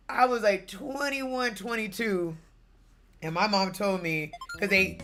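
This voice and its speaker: A young woman streaming games, telling a family story in a casual, animated way with bursts of laughter. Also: mid-range voice. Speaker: gaming streamer.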